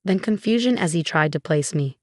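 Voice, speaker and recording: A woman narrating a scripted first-person story in a measured, even way. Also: low-pitched, dry recording, clean studio sound.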